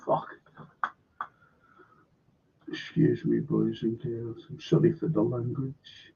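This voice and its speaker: Slow, husky man rambling in frustration. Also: medium pitch, level tone, mellow, dull audio. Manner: blunt, rambling, swears a lot. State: frustrated and in pain. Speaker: film and TV review host. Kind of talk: casual livestream chat.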